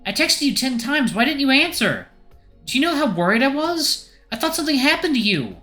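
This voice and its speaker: A man's voice: extremely high pitch, big pitch swings, brisk, pushed and bright, soft background music, pitched above the performer's own voice, heavily acted. A man doing a nagging, worried mom. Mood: scolding. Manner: scolding, exasperated. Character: worried nagging middle-aged mother.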